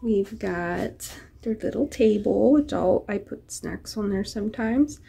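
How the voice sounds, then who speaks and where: A woman vlogging about her pets, talking to them in soft, cooing baby talk between casual explanations. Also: mid-range voice, expressive, measured pace, creaky, slightly rough. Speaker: pet-keeping vlogger. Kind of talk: casual vlog chat.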